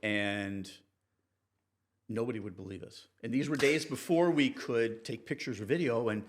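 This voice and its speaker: A man, a TV reporter and interview guest, telling anecdotes in a relaxed, animated way and acting out the people he quotes. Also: moderate pace. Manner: animated, acts out quoted people with raised pitch. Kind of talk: conversational storytelling in an interview.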